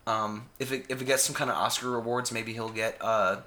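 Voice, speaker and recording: A man's voice: medium pitch, fairly even intonation, fairly quick, crowd noise. A man co-hosting a film review podcast, chatting casually with many "like"s and "uh"s. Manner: chatty, lots of "like" and "uh". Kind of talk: casual chat.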